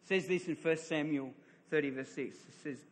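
A man's voice: on the high side, normal speed. A man, middle-aged, preaching a sermon as a pastor, telling a story with many repeated words and laughing at himself. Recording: long reverb of a large hall.

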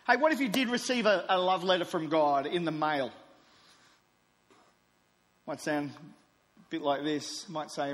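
A man in his forties preaching a sermon, with emphatic declarations and softer asides. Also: fairly high pitch, unhurried, pauses often. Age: 40s. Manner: emphatic, swings between loud declarations and soft asides. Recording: long reverb of a large hall.

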